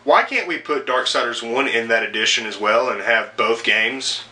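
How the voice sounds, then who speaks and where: A man's voice: mid-range voice, moderate pace, bright, forceful tone. A young man delivering a profane, sarcastic rant as a video game reviewer, with frequent swearing and exasperated asides. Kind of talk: ranting commentary video.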